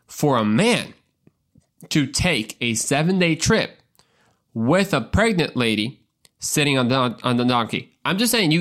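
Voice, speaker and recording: A man's voice: mid-range voice, a bit bright. A man giving a casual Bible talk, joking and conversational, often repeating words as he goes. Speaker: podcast preacher.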